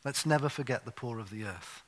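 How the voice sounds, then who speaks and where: Chatty preacher in a big hall. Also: male voice, mid-range voice, a little fast. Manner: conversational storytelling with many "you know" fillers. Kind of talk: sermon. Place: church hall. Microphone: wireless handheld or clip mic. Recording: long hall reverb.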